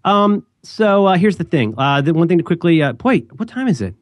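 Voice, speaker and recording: A man's voice: fairly high pitch, very animated, normal speed, dry recording. A man co-hosting a podcast, chatting casually in a rambling, jokey way and often interrupting himself. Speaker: podcast co-host. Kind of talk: casual chat.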